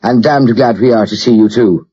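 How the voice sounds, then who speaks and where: A man voicing a chubby, good-humoured doctor with a deep voice and an Irish accent, in an audiobook. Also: normal speed, dark tone, slightly rough, muffled recording, lightly acted. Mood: jovial. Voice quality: deep voice, says "old boy" constantly. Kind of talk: audiobook character voice.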